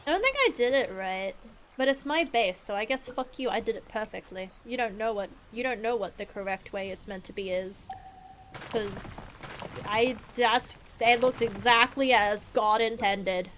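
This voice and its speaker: A woman's voice: on the high side, measured pace, fairly bright tone, slight background noise. A young woman streaming a game live, chatting casually with viewers in a playful, sarcastic way and swearing freely. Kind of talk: casual live-stream chat while gaming.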